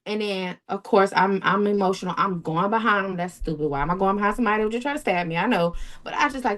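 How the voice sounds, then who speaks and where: A woman's voice: medium pitch, quick pace, few pauses, a bit bright. A woman, a guest recounting a painful personal story in a rambling, repetitive way. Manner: rambling, repeats herself, acts out quoted speech. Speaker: interview guest. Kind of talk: emotional personal account.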